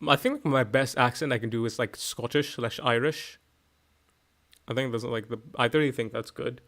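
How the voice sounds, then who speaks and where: Young man, streamer, casual chat, excitable, swears a lot, rambling, restarts sentences. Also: medium pitch, normal speed.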